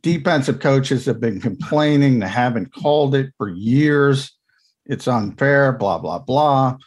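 A man of medium pitch talks through football in a relaxed podcast chat. He is an insider who explains each point in chatty runs, with quick asides along the way. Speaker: team insider analyst. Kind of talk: casual podcast analysis.

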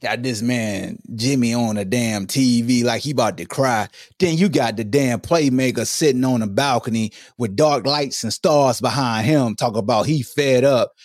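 A man's voice: medium pitch, moderate pace, few pauses, no room sound, studio quality. A man hosting a sports podcast, ranting about a playoff game in a profane, preachy way and calling out chat members by name. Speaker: podcast host. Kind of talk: animated sports talk rant.

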